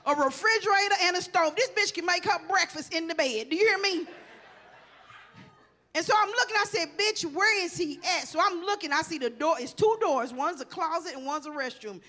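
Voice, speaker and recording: A woman in her forties telling a profane stand-up comedy story, animated and talking straight to the audience. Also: extremely high pitch.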